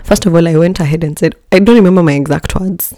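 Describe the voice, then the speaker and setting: Animated young woman telling a story. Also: fairly low pitch, fast, dry recording, studio quality. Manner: animated and dramatic, slipping into Swahili slang. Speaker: podcast host. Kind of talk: casual storytelling.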